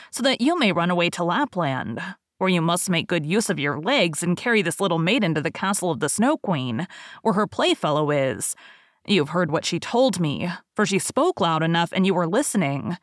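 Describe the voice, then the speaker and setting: A woman voicing a wild, fierce little robber girl in a storybook, with a blunt, commanding delivery in her own low-pitched voice. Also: animated, moderate pace, dry recording, studio quality, lightly acted. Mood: bossy.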